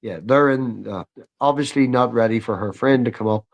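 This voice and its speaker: A man's voice: medium pitch, normal speed, gravelly, muffled recording. A man chatting as a guest on a live stream, stammering when he gets going and swearing casually. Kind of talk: casual chat.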